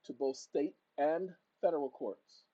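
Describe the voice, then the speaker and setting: A man hosting his own channel, giving spoken commands to a voice assistant and walking viewers through a document on screen, switching between loud orders and quiet asides. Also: a little slow, slightly rough, dull audio. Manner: talks to a voice assistant in bursts, then explains to viewers; shouts commands, then drops to a low aside. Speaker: channel host. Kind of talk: casual screen-share walkthrough.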